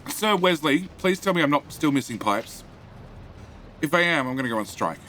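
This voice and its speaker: A man's voice: on the high side, lively intonation, moderate pace, a bit bright, a little hiss or hum. A man streaming a building game live, muttering through his build and chatting with viewers. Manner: reads out and greets chat. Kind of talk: live gameplay commentary.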